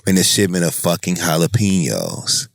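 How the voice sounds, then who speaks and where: A man co-hosting a podcast, telling stories in a lively, casual way with a lot of laughter. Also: low voice, normal speed, creaky. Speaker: podcast co-host. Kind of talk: casual chat.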